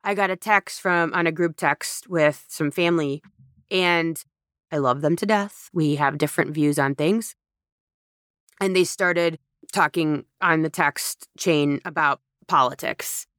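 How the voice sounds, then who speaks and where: A woman's voice: deep voice, a bit bright, no echo, clean studio sound. A woman hosting a podcast, talking through a reflective spiritual monologue with emphatic repetition. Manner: slow, emphatic, repeats phrases for effect. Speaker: podcast host.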